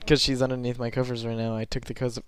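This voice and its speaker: A young man giving rambling, self-conscious gameplay commentary from his bed late at night, filling pauses with lots of ums. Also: medium pitch, clean tone.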